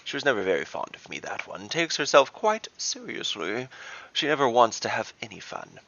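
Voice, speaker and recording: A man's voice: mid-range voice, big pitch swings, normal speed, bright, forceful tone, a little hiss or hum, voice pushed up. A man voicing a mischievous male halfling trickster god in a gleeful, teasing, theatrical way. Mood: playful. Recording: dull dry lo-fi recording.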